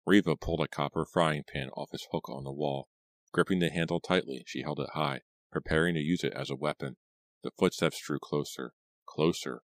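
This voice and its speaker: A man narrating a teen thriller audiobook in a steady, suspenseful storytelling manner. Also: very deep voice, moderate pace, dry recording, clean studio sound. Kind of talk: scripted narration.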